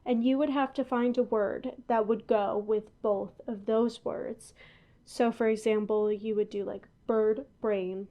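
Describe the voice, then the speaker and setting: Young female podcast host, slightly high voice, loose rambling delivery full of asides. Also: darkish tone. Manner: chatty and rambling, with frequent laughs and asides. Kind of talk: casual chat. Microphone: headphones on, talking into a podcast mic.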